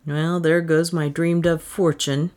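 A woman voicing a hapless male hero who speaks in her own low, lively voice. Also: a little slow. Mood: rueful.

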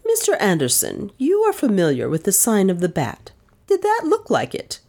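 A woman voicing a brisk, authoritative older lady of the house in a mystery story. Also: medium pitch, huge pitch swings, creaky, dark tone, pitched above the performer's own voice, exaggerated voice. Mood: commanding.

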